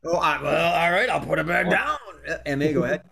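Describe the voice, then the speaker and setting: A man's voice: on the high side, brisk, creaky, bright, forceful tone. A man hosting an improv comedy game over a webcam call. He calls on players and laughs often between prompts. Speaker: improv show host. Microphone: webcam on a video call.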